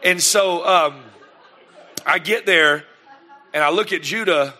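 Animated pastor, bright voice. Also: male voice, a little high, slow. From United States. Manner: animated, lively storyteller who acts out scenes. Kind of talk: sermon storytelling.

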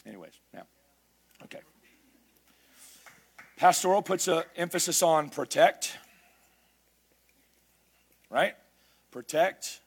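A man preaching a sermon, emphatic, building his lists up to shouts. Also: fairly high pitch, lively intonation, takes it slowly, creaky, long pauses, husky.

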